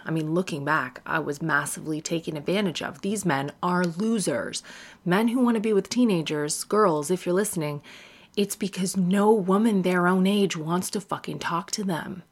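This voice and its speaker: A woman comedian speaks with a low-pitched voice. She is blunt and profane, and she stays frank and cutting throughout. She mocks her critics in sarcastic put-on voices. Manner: blunt and profane, mocking men in exaggerated voices. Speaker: stand-up comedian.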